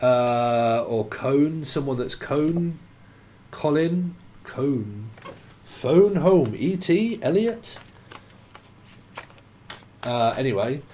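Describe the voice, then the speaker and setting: A man's voice: medium pitch, expressive, drawn-out words, long pauses, warm tone. A man giving a tarot reading, free-associating names and words, swearing and now and then singing snatches of songs. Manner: rambling free association, swearing, breaking into song. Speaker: tarot reader.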